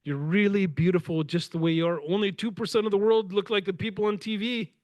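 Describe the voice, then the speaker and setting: A man's voice: sits high, brisk, no room sound. Rambling, laughing storyteller man, dry sound. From Canada. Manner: rambling, animated, laughs often. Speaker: author and guest speaker. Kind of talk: conversational storytelling. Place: lecture event with audience.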